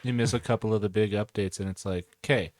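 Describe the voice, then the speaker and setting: A man's voice: fairly low pitch, steady tone, quick pace, a little mellow, no room sound. A man co-hosting a podcast in casual chat, joking and laughing often. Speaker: podcast co-host.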